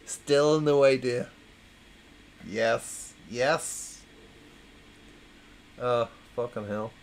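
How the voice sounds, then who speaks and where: A man's voice: medium pitch, drawn-out words, long pauses. A drunk man reads dad jokes, repeating each punchline and laughing at his own jokes. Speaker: host reading dad jokes. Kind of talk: casual tipsy dad-joke reading.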